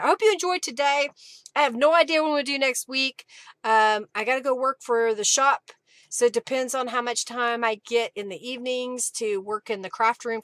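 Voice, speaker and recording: A woman hosts a live craft stream, chatting casually and reading viewer comments aloud with frequent laughs. Her fairly high voice is a bit bright, and the recording is dry.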